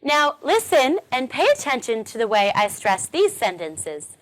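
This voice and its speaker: A woman teaching English pronunciation in a recorded online lesson, encouraging and deliberately modelling sentence stress. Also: a little high, big pitch swings.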